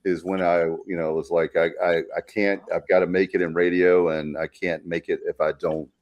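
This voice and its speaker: A man's voice: low voice, little pitch movement, normal speed, darkish tone, lo-fi sound. A man co-hosting a sports talk show, joking and teasing in casual chat.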